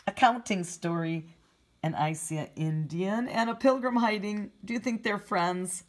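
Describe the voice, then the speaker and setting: This preschool teacher, a woman with a fairly low pitch and an unhurried pace, reads a picture book to young children while gently asking questions and explaining words.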